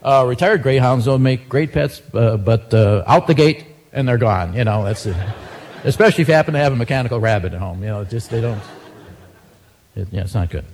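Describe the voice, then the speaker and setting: A man's voice: medium pitch, fairly quick, darkish tone, slight background noise. A man doing a stand-up monologue of joke news headlines, dry and self-mocking between the punchlines. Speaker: comedian.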